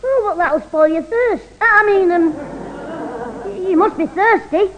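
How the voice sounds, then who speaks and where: A cheeky schoolboy, very high piping voice, bossy and quick, on a muffled, faintly hissing old radio tape. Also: male voice, some chatter behind. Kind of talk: 1960s radio comedy acting. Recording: muffled, slightly noisy old radio recording.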